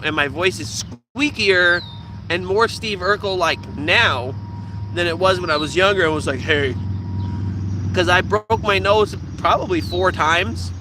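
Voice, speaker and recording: A young man with a nasal, squeaky voice, chatting casually and profanely to his live viewers. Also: noisy background. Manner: profane, joking, talks with teeth hidden. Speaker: vlogger streaming live. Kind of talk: casual rambling chat.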